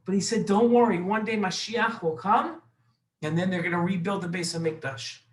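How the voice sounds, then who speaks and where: A wise old rabbi, patient and reassuring, as a man storyteller puts him on. He explains gently in a children's story. The sound is roomy and set back from the mic. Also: sits high, moderate pace, distant mic, close to an everyday voice. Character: old wise male rabbi, calm and hopeful.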